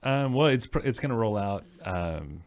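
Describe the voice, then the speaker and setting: A man, a brewery guest answering interview questions in a measured, steady way with frequent ums. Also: on the low side.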